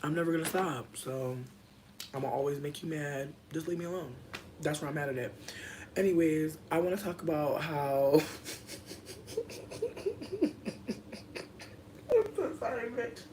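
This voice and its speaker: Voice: mid-range voice, moderate pace, background noise. Young adult streamer telling a profane story. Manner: loose, profane storytelling full of fillers; animated, jumps between story and viewer comments. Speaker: content creator. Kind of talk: casual livestream chat.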